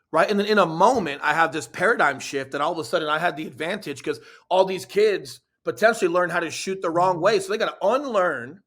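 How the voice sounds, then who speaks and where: Guest man, earnest storyteller, fairly high voice, leans on "you know" and "right?". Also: fairly bright tone. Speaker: podcast guest, real estate team leader. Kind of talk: casual interview storytelling.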